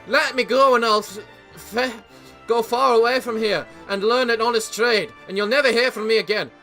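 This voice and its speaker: A man's voice: extremely high pitch, moderate pace, pushed and bright, faint music behind, pitched above the performer's own voice, heavily acted. A man voicing a captured male bandit who begs for his life in an Irish accent. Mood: pleading. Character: surrendering male bandit begging for mercy.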